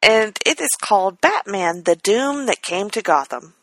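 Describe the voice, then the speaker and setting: A woman with a lively, swooping voice, chatting as a podcast co-host. She laughs easily and drops in plenty of ums and uhs. The recording is close and dry. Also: medium pitch, dry recording, low-quality recording. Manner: animated and quick to laugh, with lots of fillers. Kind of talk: casual chat.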